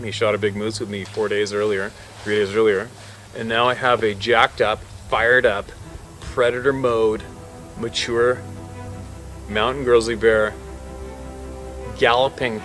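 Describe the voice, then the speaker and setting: A man, a hunting guide, telling a wild story in a casual, animated way and swearing freely. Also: on the low side. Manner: swearing, animated storyteller who swings between hushed and loud.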